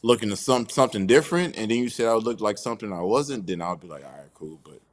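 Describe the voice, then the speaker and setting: Deep-voiced laid-back man, slangy. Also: quick pace. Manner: slangy and laid-back, says "bro" often. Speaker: pro wrestler guest. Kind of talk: casual interview chat.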